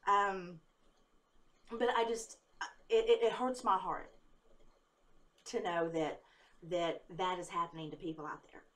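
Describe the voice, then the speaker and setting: A woman's voice: lowish voice, fairly even intonation, a little slow, long pauses, fairly bright tone. A tired woman talking straight to camera as a psychic vlogger, rambling and candid, laughing often and swearing when angry. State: tired after a workday. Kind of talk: casual talk to camera.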